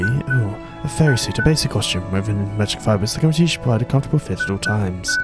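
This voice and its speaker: Man, gaming commentary, rambling and self-correcting, game music behind. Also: fairly low pitch. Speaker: let's play host.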